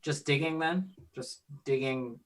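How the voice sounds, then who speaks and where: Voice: medium pitch, measured pace. A player in a tabletop game, talking boldly and playing their character. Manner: bold, shouts in character.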